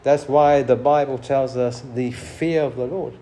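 A man preaching a passionate sermon to his church, swinging between loud exhortation and low, intimate asides. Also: steady tone, a little slow. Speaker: pastor.

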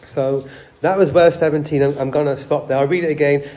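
A man's voice: a little high, fairly even intonation, fairly quick, dark tone, reverberant. A man preaching a sermon, conversational, often asking the church rhetorical questions and repeating words as he restarts. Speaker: pastor.

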